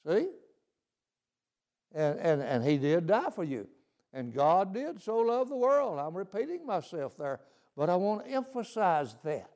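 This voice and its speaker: A man's voice: sits high, very animated, a little slow, darkish tone. A male preacher delivering a folksy sermon, often asking "See?".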